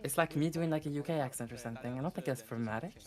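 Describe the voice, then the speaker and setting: Very low-voiced woman with French accent. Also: very fast. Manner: teasing, laughing, hesitant. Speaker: tournament co-commentator. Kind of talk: casual live-stream chat.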